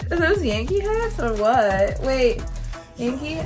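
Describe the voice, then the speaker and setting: A young woman hosting a music video reaction, gushing and exclaiming, now and then dropping in Japanese words. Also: high voice. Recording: faint music behind.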